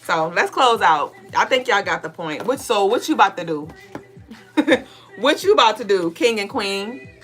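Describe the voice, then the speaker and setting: A woman's voice: mid-range voice, lively intonation, normal speed, fairly bright tone, soft background music. A middle-aged woman, co-hosting a spiritual podcast and giving a blunt, profane pep talk during a tarot reading. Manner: profane, preachy, playful, acts out listeners in mock voices.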